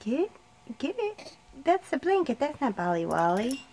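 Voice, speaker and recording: A woman's voice: high-pitched, very animated, moderate pace, a little mellow, slight background noise. A mother filming a home video, talking to her baby in a coaxing, sing-song way.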